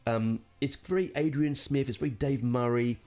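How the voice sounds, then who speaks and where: A man's voice: mid-range voice, moderate pace, dark tone. A man hosting a podcast, reviewing a metal album in a casual, rambling way, enthusiastic, with plenty of fillers and casual swearing.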